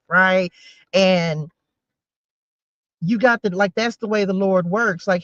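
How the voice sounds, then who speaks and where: A woman's voice: on the low side, no echo. Chatty woman in her forties, dry dull sound. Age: 40s. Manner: chatty, rambling asides, talks straight to viewers. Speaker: tarot reader. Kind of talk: casual spiritual tarot reading.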